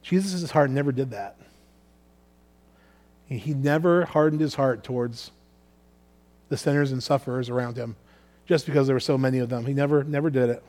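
A man's voice: medium pitch, normal speed, long pauses, darkish tone. A man preaching a sermon earnestly, often repeating words as he works through his thoughts. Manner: earnest, repeats words while thinking aloud. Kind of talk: sermon with scripture reading.

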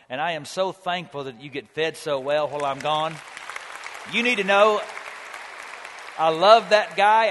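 Male pastor, emphatic sermon, dry humor, high voice, long church reverb. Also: a bit bright. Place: church auditorium.

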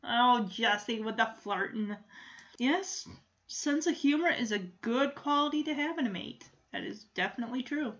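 A woman's voice: fairly high pitch, lively intonation, moderate pace, a bit bright, lo-fi sound. A woman casually recapping a sitcom episode, chatty and giggly, full of "like" and "you know". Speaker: show recap host.

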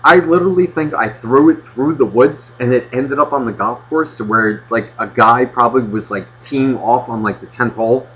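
A male podcast host telling a profane, ranting story in casual chat with a husky voice. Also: mid-range voice, moderate pace, hardly any pauses, a bit bright, highs cut off.

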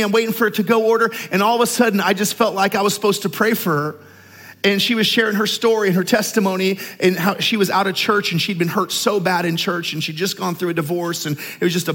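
A man of fifty, a pastor telling personal stories in a casual, energetic sermon, growing more animated as he presses his point. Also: high-pitched. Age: 50s. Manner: energetic, conversational, animated with rising intensity. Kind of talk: sermon storytelling. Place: church sanctuary. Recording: church hall with long reverb.

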